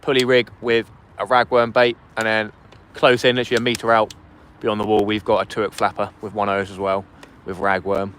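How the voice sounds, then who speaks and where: A man's voice on the low side, brisk and fairly bright with little pitch movement, comes with a little hiss or hum. He's chatting casually on a fishing livestream outdoors by the sea wall, streaming vertically on his phone, reading out chat and thanking donors.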